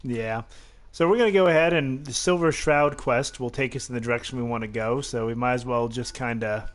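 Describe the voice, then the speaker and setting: A man co-hosting a game stream while playing, relaxed and matter-of-fact. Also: medium pitch, a little fast. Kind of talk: casual gameplay chat.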